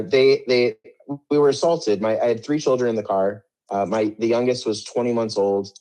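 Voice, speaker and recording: Rambling man with a low voice. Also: mellow. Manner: rambling, many restarts and fillers, defensive. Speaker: guest telling his story. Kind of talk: conversational interview storytelling.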